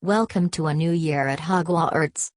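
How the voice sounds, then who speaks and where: Woman playing an elderly wizard headmaster, storybook, low, unhurried, eccentric. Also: no room sound, studio quality. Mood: genial. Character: elderly, whimsical, beaming male headmaster wizard.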